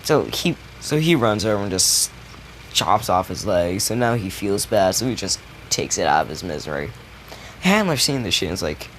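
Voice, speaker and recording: A man's voice: sits low, very animated, moderate pace, fairly bright tone, slight background noise. A man telling a made-up story in a casual, rambling, profane way. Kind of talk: casual retelling of a fan scenario.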